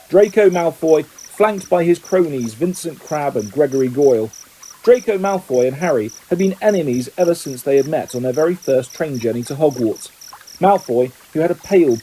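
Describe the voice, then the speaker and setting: Man reading a storybook, mellow voice. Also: a little hiss or hum, rough recording. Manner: reads steadily, lifting pitch for quoted lines. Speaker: audiobook reader. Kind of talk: scripted narration.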